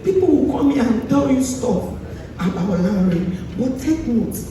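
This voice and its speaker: Nigerian woman giving a tribute speech, high-ish voice, boomy hall from far off, some noise. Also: lively intonation, unhurried. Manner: earnest and pleading, quoting the late friend. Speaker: speaker at a tribute event. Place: large event hall.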